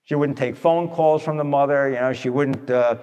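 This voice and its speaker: A man telling stories to an audience in a blunt, animated way, tossing in rhetorical questions. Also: mid-range voice, normal speed. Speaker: speaker addressing an audience. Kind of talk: storytelling talk to an audience. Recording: long echoey hall reverb.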